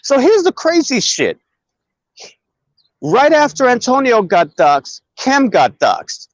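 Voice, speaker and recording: Animated, profane male host with a high voice. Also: slow, no room sound, dull audio. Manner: animated, profane, acts out quoted dialogue. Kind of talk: casual storytelling chat.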